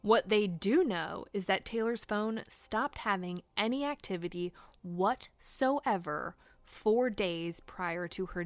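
A woman's voice: mid-range voice, no echo. A woman hosting a true crime podcast, reading a scripted account in a blunt, indignant way and swearing for emphasis.

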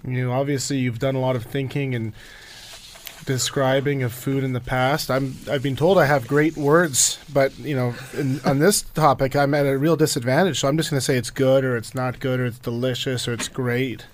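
A man's voice: mid-range voice, steady tone, moderate pace, slight background noise. A man on a radio food panel, joking and self-deprecating while tasting. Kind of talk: casual radio chat.

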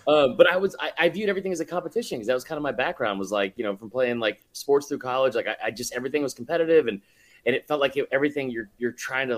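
A man talking as a podcast guest in casual chat, rambling with lots of fillers and laughing often. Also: medium pitch.

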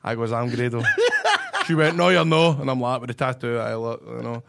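A man's voice: medium pitch, fairly even intonation, a little fast, creaky, very noisy. A Scottish man in his thirties, co-hosting a casual chat, telling stories with swearing and teasing. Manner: storytelling, swearing, teasing and laughing. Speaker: podcast co-host.

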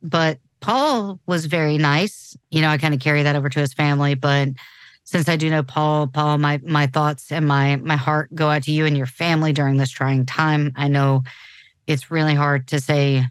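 A woman's voice: sits low, fairly even intonation, moderate pace, smooth, dry recording. A woman in her forties co-hosting a podcast in casual chat, talking loosely with many restarts. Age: 40s. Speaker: podcast co-host.

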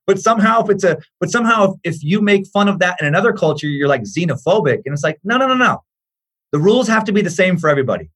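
A man's voice: high voice, sing-song, fast, fairly bright tone, slightly rough. A man who is a comedian, a guest on a podcast, rambling in casual chat with many fillers and emphatic swearing.

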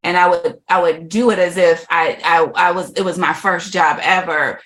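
A woman's voice: on the low side, fairly even intonation, normal speed, fairly bright tone. A middle-aged woman, a podcast guest, telling her life story with animation, laughing often and acting out quoted voices.

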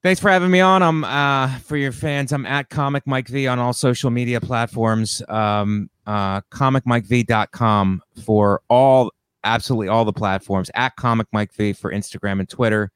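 A man, a comedian guest on a podcast, telling rambling deadpan stories with fillers. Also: mid-range voice, normal speed, few pauses, smooth, no echo, clean studio sound. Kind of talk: casual comedic podcast banter.

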